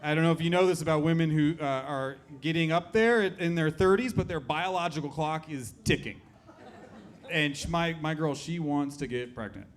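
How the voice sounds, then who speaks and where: Brash high-voiced male stand-up comic. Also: normal speed. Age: 30s. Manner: crude, brash, talks to the crowd. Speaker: stand-up comedian. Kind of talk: stand-up comedy set. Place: comedy club stage.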